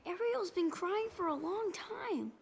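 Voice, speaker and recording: A longing young mermaid princess speaks in a game cutscene. Her voice sits very high and soft. Faint noise runs underneath. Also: expressive, a little slow, heavily acted. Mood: wistful.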